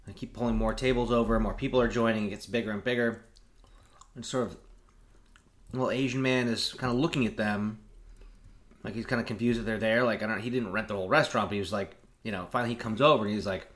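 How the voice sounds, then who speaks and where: A man's voice: on the low side, steady tone, quick pace, a bit bright. A man co-hosting a podcast, telling a long story in casual chat with many fillers. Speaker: podcast co-host.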